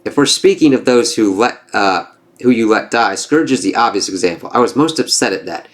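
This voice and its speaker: A man's voice: fairly low pitch, animated, brisk, natural voice. A man reading as a mocking, bitter enchantress. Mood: scornful. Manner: sarcastic and scornful.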